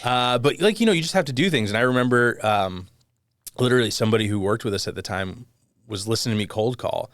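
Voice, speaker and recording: A man in his thirties, a guest on an interview show, telling stories in a relaxed, self-deprecating way and sometimes trailing off while he hunts for a name. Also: mid-range voice, fast, no echo, clean studio sound. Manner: lively storyteller, self-deprecating, trails off searching for names. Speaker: podcast guest, mortgage company executive. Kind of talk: casual interview chat.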